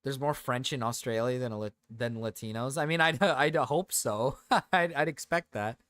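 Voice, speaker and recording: A man's voice: medium pitch, moderate pace, a bit bright, no echo. A man streaming, rambling through joking rants with lots of repetition and swearing. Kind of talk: casual live-stream chat.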